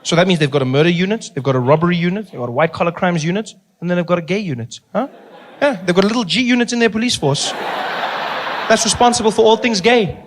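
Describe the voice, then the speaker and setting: South African man, stand-up comic, slightly high voice, animated storytelling on a live theater stage. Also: fast talker, a little hiss or hum. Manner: animated storytelling, acts out characters. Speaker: stand-up comedian. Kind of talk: stand-up comedy routine.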